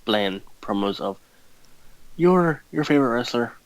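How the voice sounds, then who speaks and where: A man's voice: mid-range voice, lively intonation, unhurried, no room sound, rough recording. A man co-hosting a casual wrestling podcast, teasing and arguing his points in banter. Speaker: podcast co-host.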